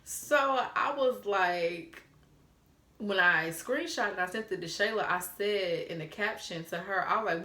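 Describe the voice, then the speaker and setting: A woman in her twenties telling a story to camera, animated and profane, laughing as she acts out old text messages. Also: fairly low pitch, normal speed, echoey room. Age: 20s. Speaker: storytime vlogger.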